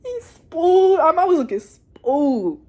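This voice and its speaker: A woman casually recapping a TV episode in an animated, slangy, rambling way. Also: very high voice, measured pace. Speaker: show reviewer.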